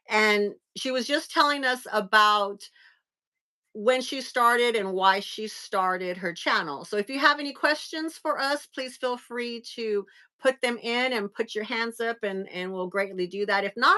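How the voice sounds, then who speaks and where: A woman's voice: on the high side, bright, forceful tone. A middle-aged woman hosting a livestream, chatting casually and reading viewer comments aloud. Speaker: livestream host. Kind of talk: casual live chat.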